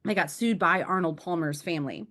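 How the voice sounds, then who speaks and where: A woman co-hosts a marketing podcast in a somewhat low voice. Her delivery is casual, lively and blunt. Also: fairly quick.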